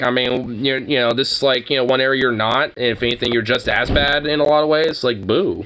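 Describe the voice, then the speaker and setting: A young man ranting on a livestream speaks casually, rambling and profanely with lots of fillers. His voice is mid-range and a bit bright, at a moderate pace.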